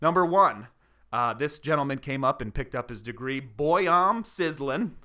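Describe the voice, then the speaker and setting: A man's voice: mid-range voice, fairly quick, sharp tone. A man co-hosting a casual comedy podcast who rambles and mocks himself, with many restarts. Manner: rambling, self-mocking, lots of restarts. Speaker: podcast co-host.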